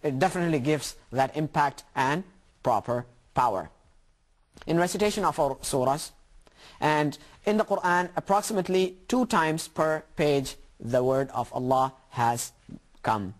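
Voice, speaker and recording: A man teaching Quranic recitation rules in a lesson. He talks deliberately and repeats words slowly to contrast correct and wrong pronunciation. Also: fairly high pitch. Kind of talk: tajweed lesson with spoken examples.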